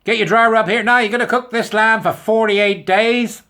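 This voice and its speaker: A man putting on an overexcited male American cooking-video host with loud sales patter. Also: high voice, fairly even intonation, moderate pace, slight background noise, pitched above the performer's own voice. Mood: excited.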